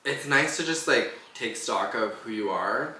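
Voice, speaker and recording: Young male podcast co-host, bright and animated, filler-heavy casual talk, roomy off-mic sound. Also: mid-range voice, measured pace, far from the mic, slight background noise. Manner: laughs often, lots of "like" fillers. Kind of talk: casual chat.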